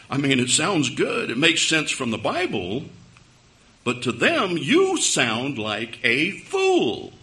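A man's voice: medium pitch, sharp tone. A man preaching a sermon to a live congregation, telling a story in a conversational way with wry humor. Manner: speaks straight to a live congregation.

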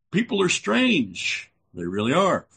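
A man's voice: fairly high pitch, wildly swooping pitch, very slow, gravelly, fairly bright tone, husky. A man preaching a conversational sermon, folksy and blunt, with chuckling asides.

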